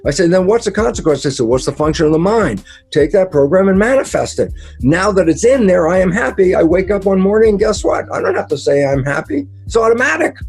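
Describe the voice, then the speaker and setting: Lively older man with a mellow voice. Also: sits high, fairly quick, soft background music. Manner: lively storytelling, acts out quoted dialogue, swears casually. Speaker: guest speaker. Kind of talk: animated interview talk.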